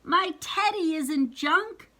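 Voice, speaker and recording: A woman's voice: high voice, measured pace, bright, forceful tone, pitched above the performer's own voice, heavily acted. A woman voicing an upset little girl cub. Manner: whiny protest. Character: young girl bear cub, upset and clingy.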